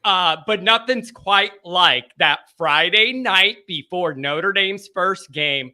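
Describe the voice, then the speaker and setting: Animated, high-voiced man hosting a stream. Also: slow pace. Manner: loud, animated, yelling bursts. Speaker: host of a call-in fan stream. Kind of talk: excited live stream banter.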